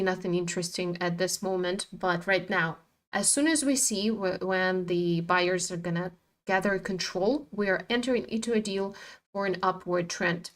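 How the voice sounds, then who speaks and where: A woman hosting a live trading stream, chatting casually and animatedly, swearing freely and talking back at her chart. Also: medium pitch.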